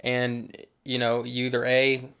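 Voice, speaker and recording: Man, soccer show co-host, monotone, casual chat, halting restarts. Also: medium pitch, gravelly, clean tone. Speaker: soccer show co-host, former pro player.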